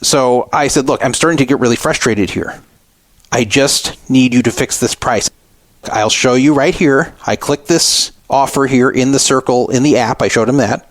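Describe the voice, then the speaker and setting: A man's voice: mid-range voice, moderate pace, no room sound. A middle-aged man hosting a radio show, recounting a frustrating store encounter in an aggrieved storytelling monologue. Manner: aggrieved, re-enacting arguments.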